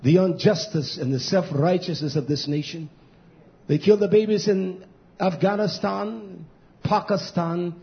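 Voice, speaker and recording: A man preaching an impassioned sermon, swinging between low mutters and shouted outbursts, drawing out and repeating words for emphasis. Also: a little slow, gravelly. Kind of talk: fiery sermon. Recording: dull lo-fi recording.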